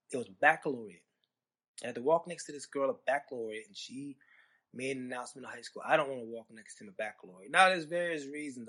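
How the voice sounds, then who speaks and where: A man hosts a storytelling podcast, rambling conversationally and tossing in sarcastic asides. His voice is mid-range with a sharp edge, recorded on a podcast microphone.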